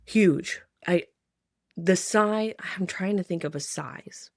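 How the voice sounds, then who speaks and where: A woman's voice: on the low side, takes it slowly, a little mellow, no echo, studio quality. A woman in her thirties telling a personal story to camera in a chatty way, full of "like", restarts and sighs. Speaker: vlogger.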